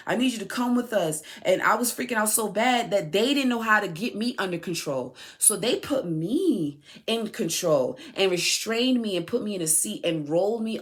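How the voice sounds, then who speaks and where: A woman speaking directly to her son in a personal podcast monologue, telling an impassioned story full of rhetorical questions and restarted phrases. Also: fairly low pitch. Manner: heated, repeats and restarts phrases. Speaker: mother addressing her son.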